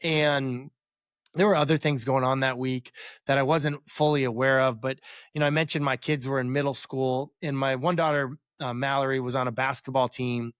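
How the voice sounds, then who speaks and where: A man in his forties talks through a personal memory, circling back with fillers and restarts. His voice sits in a middle pitch. The recording is close and dry. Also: steady tone, normal speed, clear, resonant tone, dry recording. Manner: rambling, many fillers and restarts. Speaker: guest, former quarterback. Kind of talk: reflective storytelling interview.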